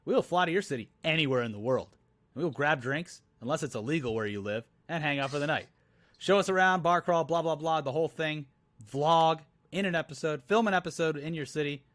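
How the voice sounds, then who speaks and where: A man's voice: fairly high pitch, animated, brisk, fairly bright tone. A young man co-hosting a live-stream town hall, talking casually with jokes and plenty of fillers. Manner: joking, rambling, many fillers. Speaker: co-host.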